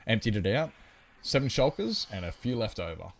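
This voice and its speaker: A man's voice: lowish voice, big pitch swings, normal speed, creaky, slight background noise. A man livestreaming a game, talking casually and at length while answering his chat. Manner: rambling, chatty, explains at length; reads and answers chat comments.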